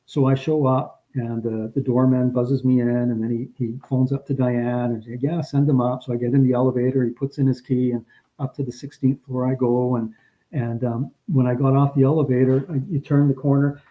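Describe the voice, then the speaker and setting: A man's voice: mid-range voice, level tone, a little fast. Guy rambling thru a story, keeps restarting, gets a bit choked up, kinda dull muffled audio. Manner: rambling, repeats words and restarts often; gets emotional recalling the story. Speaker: guest. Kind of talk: casual storytelling.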